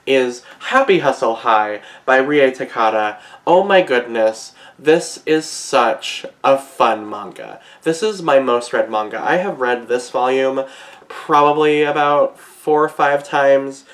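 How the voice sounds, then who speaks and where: A man's voice: mid-range voice, fairly bright tone. Young male manga vlogger, effusive and giggly, casual gushing delivery. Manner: gushing, effusive, says "girl" and "yes, queen", laughs often. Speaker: manga reviewer. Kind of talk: enthusiastic casual vlog.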